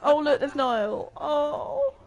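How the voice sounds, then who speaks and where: A woman's voice: sits high, big pitch swings, slow pace, faint music behind. A young woman chatting and giggling her way through a life-sim game as a streamer. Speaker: gaming streamer. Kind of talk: casual gameplay commentary.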